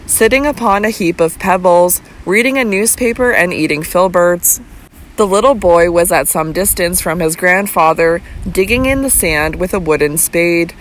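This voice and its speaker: A man narrating a classic novel as an audiobook with a steady, measured reading. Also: sits high, a little hiss or hum, poor audio.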